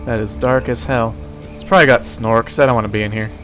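A man's voice: medium pitch, steady tone, fast talker, fairly bright tone, soft background music. A young man casually commenting while he plays a video game, rambling and joking, talking back to the characters on screen. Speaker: let's play host.

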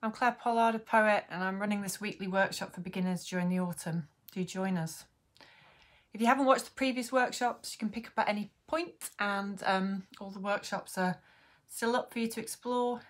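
A woman's voice: medium pitch, normal speed. A woman who is a poet, hosting an online poetry workshop for beginners and explaining things in a friendly way, with frequent ums. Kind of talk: online poetry lesson to camera.

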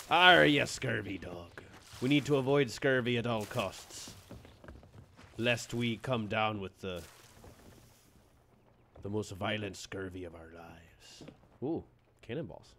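Excitable male game streamer. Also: fairly low pitch, measured pace, long pauses, a little hiss or hum. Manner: excitable, playful, greets chat by name, jokey pirate talk. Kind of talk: live gameplay streaming.

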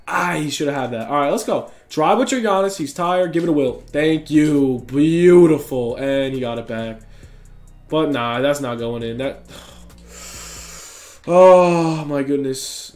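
A young man reacting loudly to every play as he commentates his basketball video game. He trash-talks his opponent and keeps cheering himself on. His voice sits a touch high, with a faint beat underneath. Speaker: gaming YouTuber.

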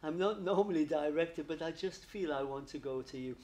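A man's voice: on the high side, fairly quick, a little mellow. A man working as a medium at a spiritualist church service, chatty and affectionate, laughing often and calling listeners darling. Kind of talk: spiritualist church platform reading.

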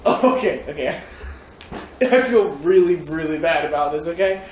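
A man's voice: a little high, lively intonation, normal speed, a little hiss or hum. A man co-hosting a podcast, rambling through a story with frequent giggles. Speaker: podcast co-host. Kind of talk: casual chat, storytelling. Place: room with friends. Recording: roomy echo.

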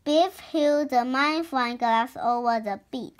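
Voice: sits high, measured pace. A child reading a storybook aloud, word by word, with small slips. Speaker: reader.

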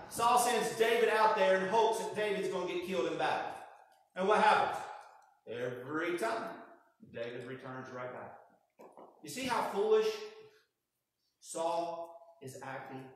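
A man preaching a sermon, telling the story with lively acted-out lines. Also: high-pitched, a little slow, slight background noise. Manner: animated storytelling, acting out voices. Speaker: pastor. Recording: echoey hall from far off.

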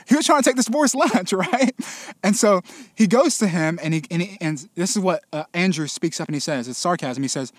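Pastor, male, high-pitched voice, dry close sound, lively casual sermon with playful character voices. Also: fairly quick, no room sound. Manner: animated storytelling, acts out characters with playful voices. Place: church gathering space.

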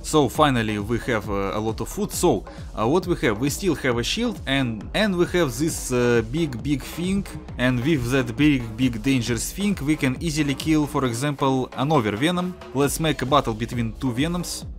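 A man with a Russian accent giving excitable, profane gameplay commentary. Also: mid-range voice, moderate pace, few pauses. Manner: excitable, profane trash talk. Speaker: gaming YouTuber. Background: game music.

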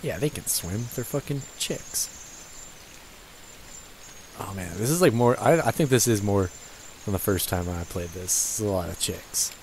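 A man's voice: lowish voice, fairly quick, a little mellow, slight background noise, poor audio. A young man casually commentating his gameplay, cursing and joking at the characters on screen. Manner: profane, joking, talks to the game characters. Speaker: let's play gamer. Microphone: gaming headset.

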